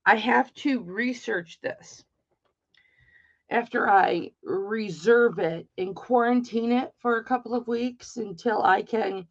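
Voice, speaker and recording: Slow, chatty middle-aged woman. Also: fairly high pitch. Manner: chatty, swears freely, greets viewers by name. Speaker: live-stream jewelry auction host. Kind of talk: casual chat while selling. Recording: dull lo-fi stream audio.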